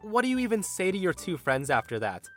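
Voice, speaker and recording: A young man narrating a story from an online forum, lively and expressive, acting out the quoted lines. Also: fairly quick, soft background music. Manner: lively, acts out quoted lines with raised pitch. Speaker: narrator reading a Reddit story.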